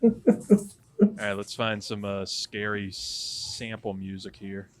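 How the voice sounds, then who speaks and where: A man's voice: fairly low pitch, very animated, slow pace. A man hosting a sports podcast in upbeat, teasing banter. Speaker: podcast host.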